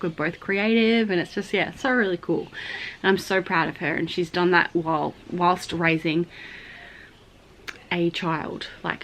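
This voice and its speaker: A woman's voice: on the low side, slight background noise. An Australian woman in her thirties chatting casually to a phone camera in her bedroom at night, rambling with lots of fillers. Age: 30s. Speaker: vlogger. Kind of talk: casual chat.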